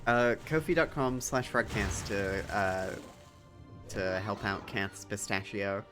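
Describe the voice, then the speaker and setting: Over background music, a streamer chats playfully while gaming, laughing frequently. The voice is low and slow, with fairly even intonation.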